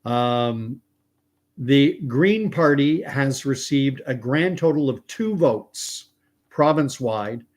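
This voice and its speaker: This livestream host from Canada speaks slowly in a mid-range voice with lively intonation. Chatty and casual, he reads out comments from viewers and works through his thoughts aloud.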